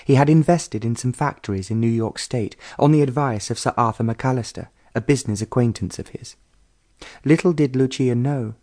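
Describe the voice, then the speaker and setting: A man giving measured scripted audiobook narration. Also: medium pitch, a little mellow.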